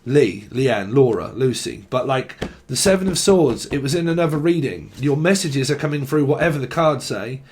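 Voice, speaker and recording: A man's voice: medium pitch, expressive, moderate pace, hardly any pauses, darkish tone, slight background noise. A man giving a solo tarot reading, rambling and full of fillers. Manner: rambling, heavy on fillers, acts out quoted messages. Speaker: tarot reader.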